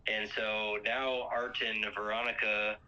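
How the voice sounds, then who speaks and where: A man's voice: fairly low pitch, level tone, measured pace, bright, forceful tone. A man hosting a casual movie recap chat, rambling and filling gaps with um and uh. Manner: rambling, fills with um and uh. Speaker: podcast host. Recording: lo-fi muffled sound.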